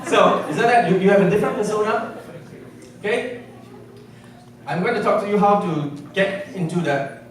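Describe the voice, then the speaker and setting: A man giving a sales seminar to a live audience, constantly checking in with quick questions. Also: high-pitched, distant mic, a little hiss or hum. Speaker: sales trainer. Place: large hall with an audience. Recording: echoey hall, mic from afar, audience.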